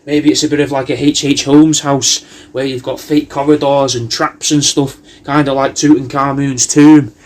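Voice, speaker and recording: A man's voice: mid-range voice, flat delivery, normal speed. A man delivering a rambling, sweary comic monologue full of absurd tangents and slang, as a personalised video message.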